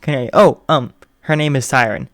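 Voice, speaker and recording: A man's voice: medium pitch, brisk, fairly bright tone, dry recording, clean studio sound, lightly acted. A man voicing a shy, flustered teenage boy who stammers nervously. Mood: stammering.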